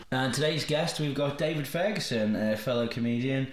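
A man hosting a movie podcast, casual and jokey, laughing often. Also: mid-range voice. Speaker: podcast host. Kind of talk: casual comedic chat. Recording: roomy echo.

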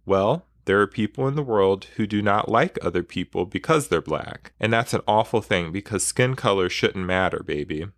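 A fierce, protective young mother speaking in a low, dry-toned voice, as a man reads her lines aloud from a book. She sounds close to the mic, with no room sound around her. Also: lively intonation, normal speed, few pauses, fairly bright tone, no echo. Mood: tender.

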